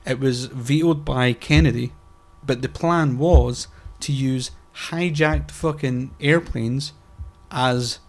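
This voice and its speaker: A man's voice: medium pitch, slow pace, few pauses. A man co-hosting a casual podcast chat, talking emphatically and swearing often. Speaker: podcast co-host.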